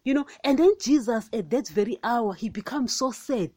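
A woman's voice: fairly high pitch, animated, moderate pace, a little mellow, dry recording. A woman hosting a podcast, giving a casual, rambling Bible talk, with many fillers, rhetorical questions, and frequent calls to listeners as guys. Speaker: podcast host. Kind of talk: casual Bible teaching monologue.

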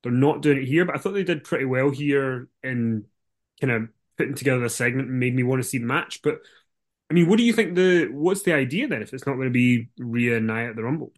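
A man's voice: medium pitch, lively intonation, fairly quick. A man co-hosting a podcast in casual chat, agreeable and lightly teasing. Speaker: podcast co-host.

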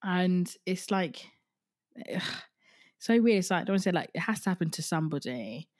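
Female podcast host with a low voice, chatty and frank, swears freely. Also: animated, moderate pace, a little mellow. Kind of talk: casual interview chat.

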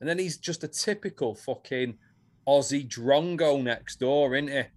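A man's voice: mid-range voice, moderate pace. A man on a casual chat podcast, animatedly retelling a soap storyline and swearing freely. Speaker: podcast co-host.

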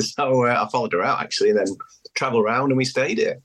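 Man, middle-aged, Manchester accent, podcast guest, jokey, storytelling, medium-low pitch. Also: fast talker, a bit bright. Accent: Manchester English. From Manchester, England. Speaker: guest, former contestant. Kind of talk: casual interview chat.

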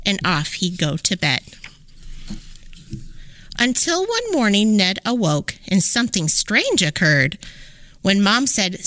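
A woman hosting a podcast, reading a rhyming children's story aloud in an expressive, sing-song way. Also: mid-range voice, measured pace, dry recording. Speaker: podcast host.

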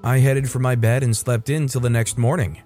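A man reading a first-person story aloud in a steady, scripted narration. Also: normal speed. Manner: steady first-person storytelling, puts on a higher voice for quoted women. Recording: soft music bed behind. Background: faint background music.

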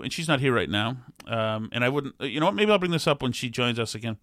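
A man in his forties telling a comic story about himself, self-deprecating and animated, acting out the dialogue. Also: medium pitch, quick pace, no room sound, clean studio sound. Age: 40s. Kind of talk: comedic storytelling.

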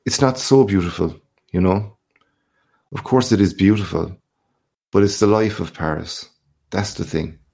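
A man's voice: sits low, unhurried, gravelly, pauses often, husky, exaggerated voice. A man reading a boastful, hearty old-time newsman. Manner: boisterous, swaggering, lively questions. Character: boastful hearty male journalist back from abroad.

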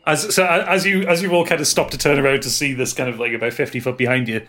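A man's voice: medium pitch, fairly even intonation, fast talker, fairly bright tone. A man in the middle of his range runs a tabletop game over a voice call. He narrates with many stammered restarts while he sets the scene for his players. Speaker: game master. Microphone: home microphone on a voice call.

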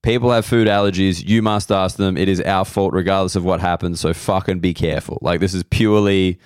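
A man's voice: sits low, steady tone, a little fast, darkish tone, smooth, no room sound, studio quality. A young Australian man hosting a podcast, telling a rambling, profane, self-mocking comic story in casual chat. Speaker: podcast host. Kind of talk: casual comedic monologue.

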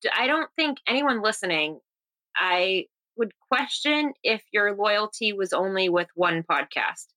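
Chatty woman with a bright, forceful voice. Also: medium pitch, lively intonation, measured pace. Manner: chatty, laughs often. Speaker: podcast guest. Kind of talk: casual podcast chat.

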